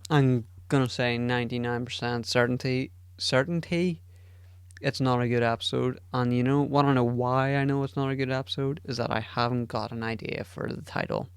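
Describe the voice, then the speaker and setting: Guy rambling on his podcast, swears a lot, gravelly but really clean voice, dead dry sound. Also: medium pitch, a little fast, few pauses, no echo. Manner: rambling and profane, self-deprecating. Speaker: podcast host. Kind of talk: casual solo podcast chat.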